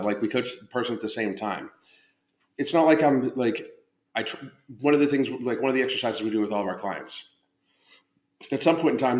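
A man hosting a casual live stream about his coaching, loose and profane, breaking off and restarting his sentences. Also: on the low side. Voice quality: loose, profane, self-interrupting talk. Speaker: podcast host and fitness coach. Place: indoor room at home. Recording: roomy echo.

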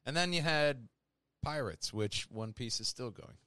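A man's voice: mid-range voice, expressive, unhurried, bright, forceful tone, dry recording. A man co-hosting a casual podcast, joking around and sliding into playful ad reads. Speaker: podcast co-host.

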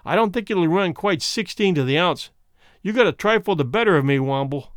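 A man reading an audiobook, voicing a calm, scheming husband who speaks soothingly and with irony. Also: high-pitched, fairly quick, smooth, dry recording, studio quality. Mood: smooth mocking. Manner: soothing, ironic. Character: calm scheming husband, smooth, mocking and mercenary. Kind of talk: audiobook character voice.

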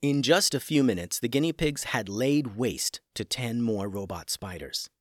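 Guy reading a kids adventure story, middle pitch, dead dry room, lots of hush then big excitement. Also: normal speed, no room sound. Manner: expressive, swings between hushed suspense and excitement. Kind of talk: children's adventure story narration.

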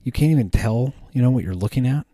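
A man's voice: medium pitch, animated, fast, mellow, no room sound. A man hosting a podcast, chatting casually in a rambling way with many ums and restarts. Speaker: podcast host. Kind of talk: casual chat.

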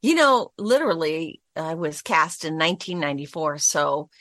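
A middle-aged woman speaks as a guest in an interview, recounting a story with lively energy and quick shifts into quoted voices. Her voice sits on the lower side for a woman. The sound is dry, with no room echo. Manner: animated anecdote-telling, acts out quoted lines. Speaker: voice actress, guest.

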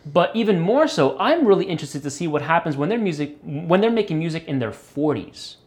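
A man's voice: fairly high pitch, sing-song, brisk, darkish tone. A man, a guitarist guest, talking loosely with many fillers and the odd curse. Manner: rambling, many fillers, swears. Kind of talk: casual interview talk.

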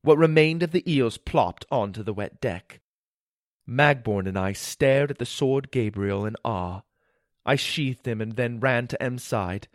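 A man's voice: medium pitch, a little slow, no room sound, studio quality. Man narrating an adventure storybook. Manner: animated, voices sound effects.

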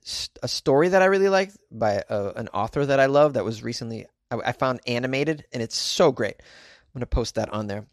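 A young adult man hosting a comedy podcast from a closet, riffing in an animated, self-mocking way. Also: medium pitch, vocal fry, no room sound, clean studio sound. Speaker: podcast host.

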